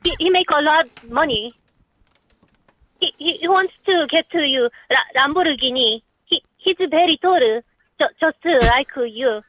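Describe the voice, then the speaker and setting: A woman doing a halting young caller with a heavy put-on Japanese accent, stammering through broken English. The voice is high and bright, coming through a muffled, lo-fi phone line. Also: animated. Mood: pleading.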